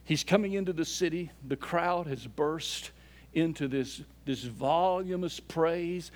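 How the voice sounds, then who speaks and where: A man preaching a sermon as a pastor, swinging between loud emphatic lines and soft, low asides. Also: unhurried. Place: church sanctuary.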